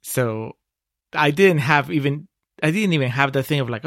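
A man's voice: on the high side, animated, normal speed, fairly bright tone, dry recording. A man co-hosting a casual podcast who makes dry, teasing remarks and laughs often. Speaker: podcast co-host.

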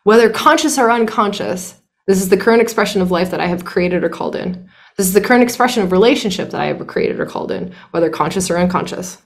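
A woman's voice: medium pitch, expressive, quick pace. A young adult woman teaching a workshop, emphatic and blunt, swearing freely and repeating phrases for emphasis. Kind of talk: impassioned teaching talk.

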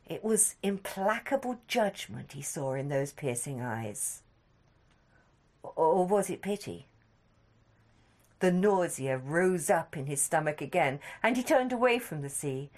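A woman narrating a story in a measured, expressive storytelling manner that drops soft at tense moments. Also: mid-range voice.

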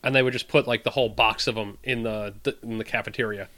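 Quick, joking man in casual chat. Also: on the low side. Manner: joking, animated, puts on silly voices.

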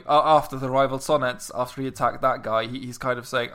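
A man co-hosting a podcast talks in a casual, unhurried way. He often stumbles and repeats words while working through an idea. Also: mid-range voice, level tone, fairly bright tone. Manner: hesitant, with many repeated words. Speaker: podcast co-host.

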